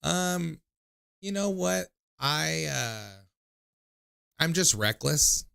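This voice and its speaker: A man's voice: fairly high pitch, animated, extremely slow, vocal fry, sharp tone, clean tone. A young man hosting a call-in livestream, rambling and poking fun at himself in casual chat. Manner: rambling, self-mocking storyteller. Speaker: call-in show host.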